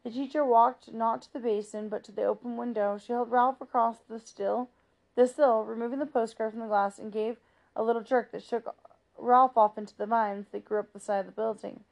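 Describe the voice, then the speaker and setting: A woman reading a children's novel aloud in a steady, plain narrating voice, with small slips. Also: fairly high pitch, fairly quick, vocal fry. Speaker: reader.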